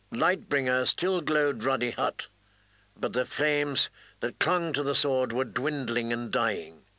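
A man reading fantasy fiction aloud in measured, deliberate scripted narration. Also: a little high, bright, forceful tone, no room sound, poor audio. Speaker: audiobook narrator.

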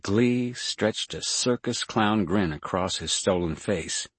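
A man narrating a science fiction audiobook in a measured, steady storytelling manner. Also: fairly low pitch, breathy edge, no echo. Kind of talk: scripted narration.

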